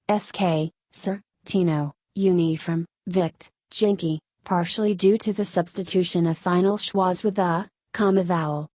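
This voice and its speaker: A woman narrating an encyclopedia article aloud, reading in a steady, measured way and spelling out letters with care. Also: mid-range voice, no room sound.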